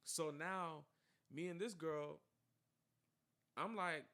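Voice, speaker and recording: A young man shares a personal story in relaxed conversation, his fairly high voice carrying a gravelly edge. He keeps it loose with fillers and acts out the lines other people said. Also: slow pace. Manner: animated, acts out quoted dialogue, many fillers. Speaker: podcast co-host telling his story. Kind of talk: casual storytelling chat.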